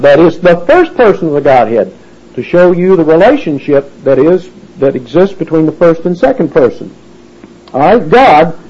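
A man teaching a Bible passage word by word, deliberate and emphatic, lifting his pitch to stress key words. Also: darkish tone. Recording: dull lo-fi recording.

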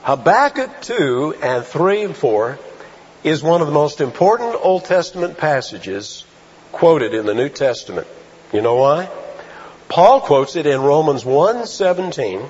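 A man preaching a sermon, asking rhetorical questions and stressing key phrases slowly. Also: fairly high pitch, big pitch swings, darkish tone, slight background noise. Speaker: pastor. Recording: dull lo-fi sound.

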